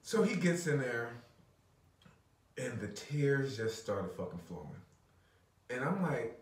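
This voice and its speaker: A man's voice: mid-range voice, sing-song, slow pace, long pauses. Profane, laughing man telling a story. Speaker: podcast co-host. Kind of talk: casual chat, storytelling. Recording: roomy, distant mic.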